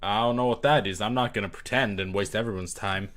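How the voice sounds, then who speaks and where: A man's voice: fairly low pitch, quick pace, fairly bright tone. A young man co-hosting a casual movie chat podcast, making dry, wry asides. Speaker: podcast co-host.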